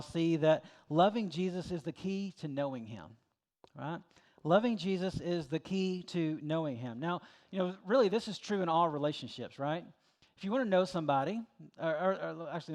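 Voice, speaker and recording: A man's voice: on the high side, darkish tone. A middle-aged man preaching a sermon as pastor, in a folksy, conversational way with plenty of filler words.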